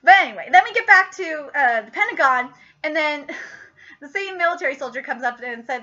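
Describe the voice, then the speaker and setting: A woman in her late twenties giving a casual, profane, excitable TV episode review and laughing often. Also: high-pitched, fairly quick. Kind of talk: casual video review commentary. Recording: slightly muffled lo-fi recording.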